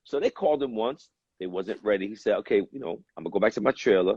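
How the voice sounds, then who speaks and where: A male actor as guest on a talk show, telling stories slowly and reflectively, acting out quoted voices and swearing now and then. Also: fairly low pitch, expressive, darkish tone, slightly rough, no room sound, lo-fi sound. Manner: slow, reflective storyteller who acts out quoted voices and swears. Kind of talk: casual chat.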